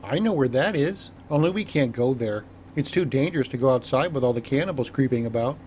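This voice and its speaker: A man's voice: mid-range voice, lively intonation, a little fast, a little mellow, a little hiss or hum, lightly acted. A man voicing a frightened, scruffy lone male survivor who stammers nervously. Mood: eager.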